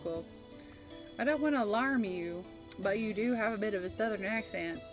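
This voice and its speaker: A woman's voice: medium pitch, normal speed, faint music behind. A woman from the Bay Area in California, chatting casually while streaming a game and reading her chat aloud. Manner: chatty, reads chat aloud, breaks into laughs.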